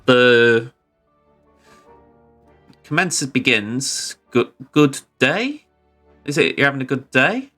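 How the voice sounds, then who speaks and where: A man's voice: medium pitch, sing-song, slow, pauses often, sharp tone, soft background music. A man streaming a video game, chatting casually about his moves and poking fun at himself. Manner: rambling, self-deprecating, chuckling. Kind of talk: casual gameplay commentary.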